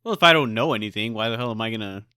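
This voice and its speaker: Young male podcast co-host, low pitch, bright clear tone, blunt and matter-of-fact. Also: lively intonation, rapid-fire, no echo, clean studio sound. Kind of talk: casual chat.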